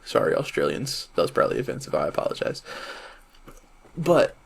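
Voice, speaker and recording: A man in his twenties from the American South, rambling to camera in a casual monologue, full of fillers and restarts, high while he talks. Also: big pitch swings, a little fast, creaky, breathy edge. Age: 20s. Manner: rambling and self-correcting, many fillers and restarts. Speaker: vlogger and rapper.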